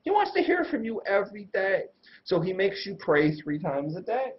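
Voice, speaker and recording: A man explaining religious ideas in a loose, slangy, irreverent way, his voice leaping up and down as he talks. It sits a bit high for a man. The recording is dull and lo-fi. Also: very animated, normal speed. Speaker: Torah teacher and host. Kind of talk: casual religious lesson.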